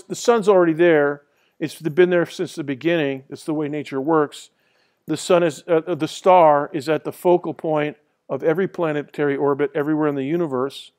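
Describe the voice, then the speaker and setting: Guy lecturing a class, high voice, rambly, lots of uh and you know. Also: a little mellow. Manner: rambling and conversational, many fillers and restarts. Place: lecture hall.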